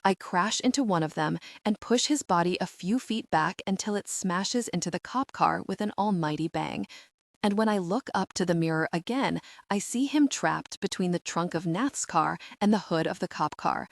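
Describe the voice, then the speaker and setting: A woman reading a dark romance audiobook in first person, with dramatic, tense storytelling. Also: on the low side, normal speed, dry recording. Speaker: audiobook narrator.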